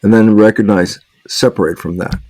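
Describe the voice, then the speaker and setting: A man's voice: fairly low pitch, fairly even intonation, normal speed, a little mellow, no room sound. A man answering as an interview guest and author, acting out the back-and-forth of quoted conversations and chuckling often as he talks.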